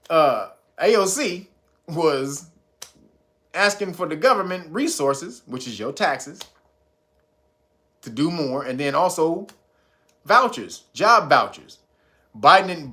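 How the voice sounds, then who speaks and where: Man, live-stream host, casual commentary, high voice, lively swings, bright tone, profane and joking. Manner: animated, profane, laughing asides, acts out scenes.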